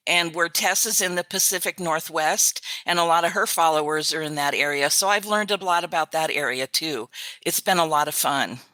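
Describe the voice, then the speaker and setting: An older woman talks in a low-pitched but bright voice, recorded close and dry. She chats easily as a guest and tells her stories with frequent laughter. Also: dry recording. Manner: chatty storyteller, quick to laugh. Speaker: author's virtual assistant, guest. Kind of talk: casual interview chat.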